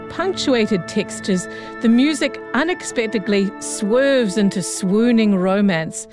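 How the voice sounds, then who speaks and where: Woman, radio concert presenter, scripted and measured, mid pitch, faint music underneath.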